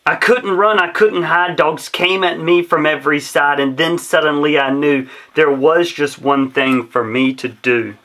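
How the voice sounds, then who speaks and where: A man's voice: on the high side, fairly even intonation, measured pace, hardly any pauses, sharp tone, a little hiss or hum. A man reading a rhyming children's story aloud in a rhythmic, sing-song way. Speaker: storybook reader.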